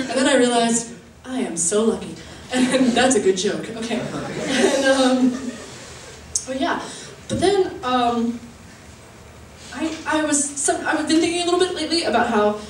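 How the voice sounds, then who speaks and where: A woman's voice: high voice, noisy background. Young woman doing stand-up, roomy and distant. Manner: halting, chatty delivery with fillers, laughing at her own jokes. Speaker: stand-up comedian. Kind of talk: stand-up comedy set. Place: comedy venue stage. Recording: roomy live-venue sound from a distance.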